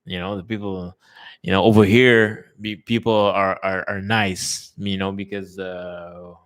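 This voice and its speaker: A man with a somewhat low voice talks casually to his viewers. He rambles through stories with lots of fillers and easy swearing. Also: measured pace. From lives in a tourism-based place, has lived abroad. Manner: relaxed, rambling, swears often, many fillers. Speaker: channel host chatting with viewers. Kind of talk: casual live chat.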